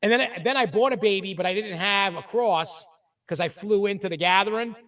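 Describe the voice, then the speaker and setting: A man's voice: brisk, distant mic. A man hosting a podcast, telling stories in casual chat and acting out the people he quotes. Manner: animated storyteller, acts out quotes in a lower voice. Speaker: podcast host.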